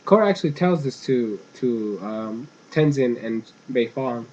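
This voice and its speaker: A young man talks through an episode in a loose, rambling recap, drifting off track and doubling back. His voice sits at an ordinary middle pitch. The recording is dull and lo-fi, with a faint hiss underneath. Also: expressive, unhurried, a little mellow. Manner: rambling, meandering, casual. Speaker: episode reviewer.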